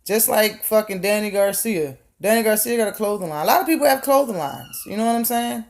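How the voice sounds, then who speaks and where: A woman's voice: medium pitch, animated, brisk. Blunt, profane woman ranting. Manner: blunt, profane, heated rant; rhetorical questions, repeats words for emphasis. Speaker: vlogger. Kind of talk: opinion rant vlog.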